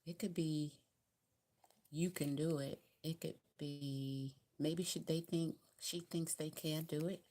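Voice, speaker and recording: A woman's voice: low-pitched, fairly even intonation, takes it slowly, warm tone. A woman with a Southern US accent giving a casual tarot card reading, chatty and encouraging, repeating her advice in a colloquial way. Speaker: tarot reader.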